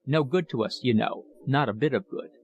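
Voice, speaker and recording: A man voicing a pompous, talkative shop manager with a Cockney accent and a high, metallic voice. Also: brisk, lightly acted.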